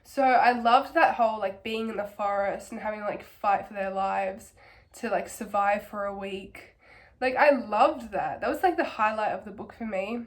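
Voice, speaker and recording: Hoarse young woman ranting about a book. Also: medium pitch, normal speed. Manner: rambling, filler-heavy, enthusiastic. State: hoarse from a cold. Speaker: book reviewer. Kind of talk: casual ranting book review.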